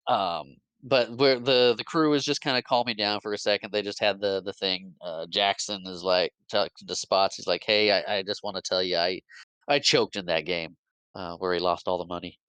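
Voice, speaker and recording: Man recapping a movie, bright crisp voice. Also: sits low, normal speed, no echo. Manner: animated retelling, jumping into character quotes; frequent restarts and fillers. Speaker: podcast co-host.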